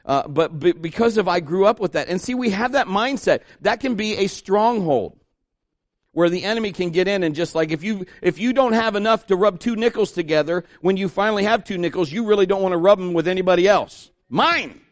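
A man delivering a relaxed, conversational sermon in a slightly higher-than-usual voice. He preaches through folksy stories and keeps throwing rhetorical questions at his listeners. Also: fast talker, few pauses.

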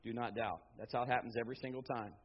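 A middle-aged man preaching a sermon as pastor, swinging from loud emphatic bursts to low, quiet stretches. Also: fairly even intonation, very fast, slight background noise. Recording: slightly dull lo-fi sound.

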